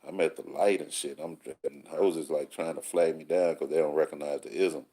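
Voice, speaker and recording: A man's voice: extremely low pitch, steady tone, brisk, dark tone, slightly rough. A man from Texas, hosting a call-in show in a laid-back monologue full of street slang and rhyming sayings. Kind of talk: casual monologue answering listeners.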